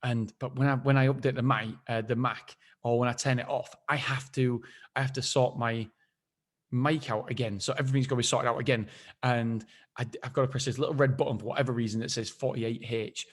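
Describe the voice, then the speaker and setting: A man in a casual solo podcast, talking at an ordinary middle pitch. He rambles, restarts and repeats phrases, poking fun at himself as he goes. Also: steady tone, fairly quick. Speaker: podcast host.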